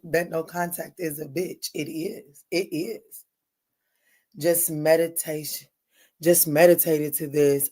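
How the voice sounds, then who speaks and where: Woman, low voice, late-night tarot stream host, casual, heartfelt, blunt, greets viewers by name. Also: darkish tone. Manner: talks straight to viewers and greets them by name from the chat; heartfelt, blunt and swears freely. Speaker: tarot reader hosting a late-night livestream. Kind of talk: casual livestream chat.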